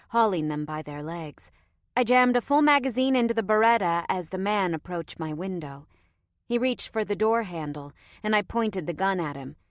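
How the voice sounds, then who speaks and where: A woman's voice: on the low side, no echo, studio quality. A woman reading a first-person audiobook with tense, dramatic storytelling. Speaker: audiobook narrator.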